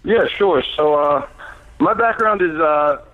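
A man's voice: a little high, takes it slowly. A man in his thirties, a brewer calling in as a guest, telling his story in a plain, easygoing way with many fillers. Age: 30s. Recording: tinny phone line.

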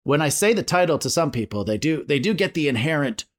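A man's voice: a little high, expressive, fast talker. A man hosting a podcast, joking and laughing often as he introduces and interviews a guest. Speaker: podcast host. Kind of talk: casual interview chat.

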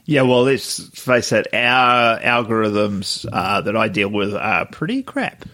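A man's voice: on the low side, expressive, slow pace, sharp tone. A man, co-hosting a podcast with wry, teasing remarks. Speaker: podcast co-host. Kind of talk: casual chat.

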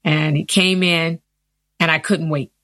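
A woman in her fifties telling her personal story in an interview, earnest and animated. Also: low-pitched, a little slow, no room sound. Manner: earnest, animated retelling with acted quotes. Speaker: interview guest.

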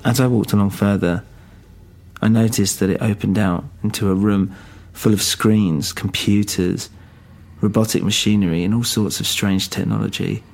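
A man telling a first-person horror story in a plain, steady way, with hesitant stammers. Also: lowish voice, creaky.

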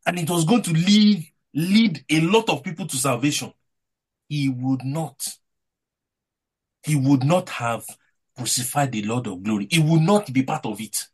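A man's voice: fairly high pitch, measured pace, breathy edge. A man preaching a devotional sermon with emphatic delivery, his voice rising and falling between points.

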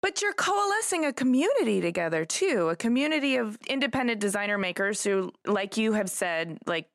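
A woman's voice: medium pitch, very animated, a little fast, dry recording, studio quality. A woman hosting a podcast interview, encouraging and affirming her guest. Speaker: podcast host. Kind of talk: conversational interview.

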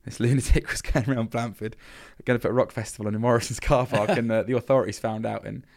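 Fast-talking man telling stories. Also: mid-range voice, creaky. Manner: animated anecdotes with frequent laughs and self-mocking asides. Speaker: festival founder and firefighter, as guest. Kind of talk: casual storytelling interview.

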